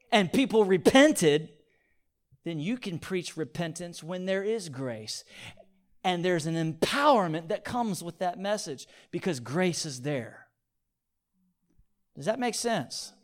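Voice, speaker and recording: A man preaching a sermon, asking his listeners for amens and swinging between hushed, near-whispered points and loud, pleading repetition. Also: high voice. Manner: call-and-response, asking the audience for amens.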